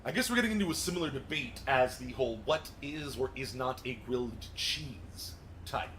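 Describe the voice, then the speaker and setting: A man streaming a racing game, commenting casually, swearing often and breaking into yelps and shouts. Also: medium pitch, normal speed. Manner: excitable, swears a lot, bursts into yelps and shouts. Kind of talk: live gameplay commentary. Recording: noisy game stream audio.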